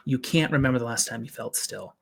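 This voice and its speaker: A man's voice: medium pitch, brisk, vocal fry. A man giving an earnest motivational talk as a business coach, often asking rhetorical questions.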